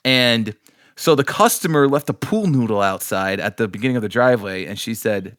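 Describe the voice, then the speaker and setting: Chatty laughing podcast host, dry sound. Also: male voice, on the low side, expressive, brisk, fairly bright tone, no room sound. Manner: laughing, rambling storyteller. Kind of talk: casual chat.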